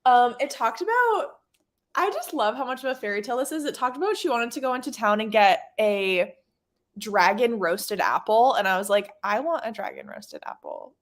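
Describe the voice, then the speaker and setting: A woman's voice: on the high side, expressive, moderate pace. A young woman hosting a reading livestream, chatting casually, gushing and laughing often. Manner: bubbly, giggly, gushing. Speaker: booktube livestream host. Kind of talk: casual chat while reading chat messages.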